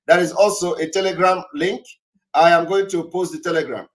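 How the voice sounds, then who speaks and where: Male call-in host, fairly high voice, emphatic, repeats points, lots of fillers. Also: steady tone, fairly quick. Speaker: broadcast host taking callers. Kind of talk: live call-in broadcast.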